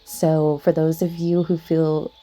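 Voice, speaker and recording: Low mellow-voiced woman podcast host. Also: little pitch movement, takes it slowly, soft background music. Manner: chatty, full of "like" and "you know what I mean"; earnest, addresses listeners directly. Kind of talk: casual spiritual monologue.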